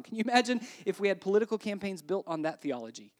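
A pastor preaching a sermon in a chatty, animated way, often checking in with "right?" and swinging between quiet and loud. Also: medium pitch, quick pace, few pauses. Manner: conversational, with frequent "right?" asides.

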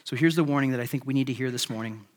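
A man's voice: mid-range voice, rapid-fire. A man preaching a sermon in a casual, conversational way, with frequent "like" and "right?" tag questions. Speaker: pastor.

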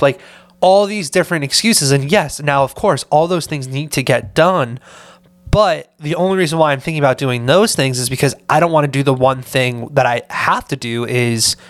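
A man's voice: mid-range voice, fairly bright tone, dry recording. A man hosting a casual solo podcast, tired and drained, rambling with lots of fillers and asking "right?". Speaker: podcast host.

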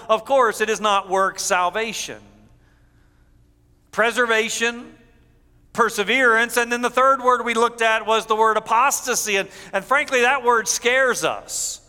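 A man preaching a sermon as pastor, measured, going low and soft when he reads scripture. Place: church sanctuary. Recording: church hall reverb.

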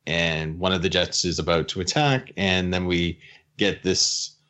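A man with a very deep, low voice leads a casual podcast recap, walking through the plot scene by scene. He drops into quick quotes of the characters now and then, and keeps the chat going with friendly agreement. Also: fairly even intonation, sharp tone. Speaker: podcast host recapping episodes.

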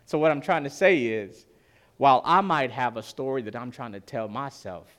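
A man preaching a sermon to his church, earnest and slowing down to stress key lines. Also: mid-range voice, fairly bright tone.

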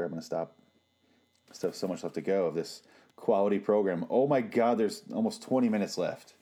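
A man's voice: low-pitched, brisk, warm tone. A man giving casual, sarcastic and profane watch-along commentary on a TV show.

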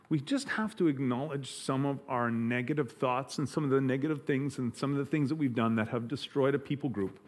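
A middle-aged man preaching a sermon, earnest and halting, often restarting his sentences. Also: on the high side. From Canada. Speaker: pastor.

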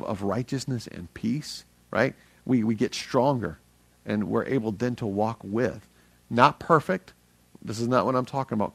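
A middle-aged man preaching a sermon as a pastor, energetic and earnest, speaking conversationally with frequent restarts. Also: on the low side, creaky, slightly rough, no room sound.

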